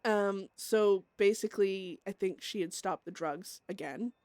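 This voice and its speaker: A woman's voice: mid-range voice, a little slow, a little mellow, no room sound. A young woman streamer casually recapping a roleplay scene, rambling with lots of fillers and swearing.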